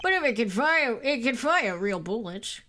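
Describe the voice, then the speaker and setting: A woman's voice: fairly high pitch, sing-song, normal speed, pushed and bright, slight background noise. A woman voicing a brash, wisecracking male detective, pushy and slangy, as she reads game dialogue aloud.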